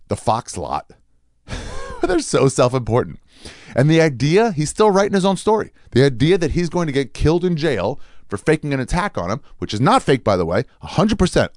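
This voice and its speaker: A man's voice: fairly low pitch, big pitch swings, brisk, darkish tone, dry recording, clean studio sound. A man in his forties, a comedian delivering a rambling, profane, sarcastic monologue.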